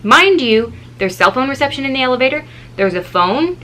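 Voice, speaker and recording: A woman in her thirties, a mother and vlogger, telling a story in a casual, animated way and acting out the people in it. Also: fairly quick, slight background noise, poor audio. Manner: animated, acts out quoted people with shifting pitch.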